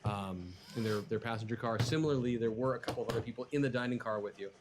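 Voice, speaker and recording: A man acting as game master, talking in a relaxed, hesitant way with many ums. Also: medium pitch, quick pace, background noise. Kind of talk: running a tabletop game.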